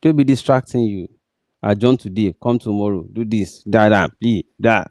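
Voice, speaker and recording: This fairly low, slightly mellow male voice moves at normal speed in clean studio quality with no echo. Using Nigerian-accented English laced with Pidgin, he addresses the audience directly, earnestly pleading and hammering his points with repeated stresses.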